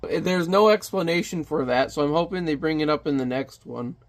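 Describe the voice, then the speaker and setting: A man's voice: on the high side, normal speed. A man casually reviewing a comic, chatty and joking as he narrates the panels. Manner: chatty, jokey asides.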